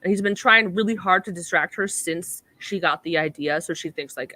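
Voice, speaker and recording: A woman's voice: fairly low pitch, moderate pace, pushed and bright, dry recording. A young woman co-hosting a podcast, chatting casually through an episode recap with lots of "like" and acting out the quoted lines. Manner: chatty, filler-heavy "like", acts out quoted lines. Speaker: podcast co-host.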